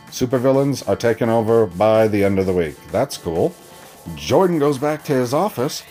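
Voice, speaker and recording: A man recapping a TV episode in a casual, profane, animated way, sarcastic and acting out characters' lines. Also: medium pitch, moderate pace, faint music behind. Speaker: TV episode reviewer.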